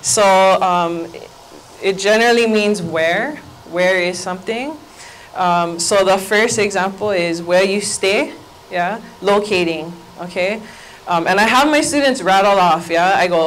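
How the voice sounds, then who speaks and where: A woman's voice: medium pitch, normal speed, poor audio. A woman with a Hawaii accent giving a playful workshop presentation as a Hawaiian language teacher, getting the audience to repeat phrases aloud.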